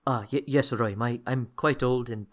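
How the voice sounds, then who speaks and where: A man's voice: mid-range voice, fairly even intonation, moderate pace, natural voice. A man voicing a firm, patient old woman who teaches reading.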